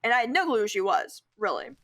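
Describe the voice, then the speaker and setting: A woman's voice: fairly high pitch, sing-song, fast talker, a bit bright. A teenage girl telling a storytime anecdote over gameplay footage, full of "like" and "I'm like". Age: teens. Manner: chatty, lots of "like" and "I'm like". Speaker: gaming vlogger.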